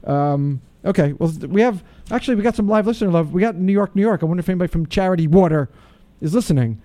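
Playful, stammering radio host man, mellow tone. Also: high voice, fast talker, no echo. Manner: playful, digressive, stammering restarts. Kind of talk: casual radio talk show chat.

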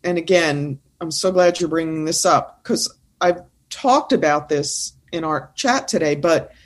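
A woman's voice: deep voice, unhurried. Woman, speaking coach, teacherly, insistent, podcast chat. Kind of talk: podcast conversation.

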